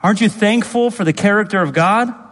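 Male pastor, higher-pitched, insistent sermon delivery, repeats his points, recorded in a reverberant sanctuary. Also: a little fast, fairly bright tone. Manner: emphatic, repetitive preaching with rhetorical questions. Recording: long reverb in a hall.

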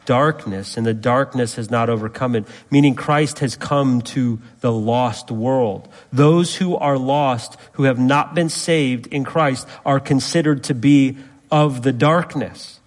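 A man's voice: medium pitch, measured pace. A man preaching an expository sermon, building to emphatic rising repetitions and asking the congregation to fill in words. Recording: long reverb of a hall.

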